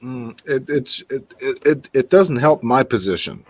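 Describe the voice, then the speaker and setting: A man's voice: medium pitch, expressive, a little slow. A man in a casual livestream chat, laid-back and blunt, laughing often and swearing.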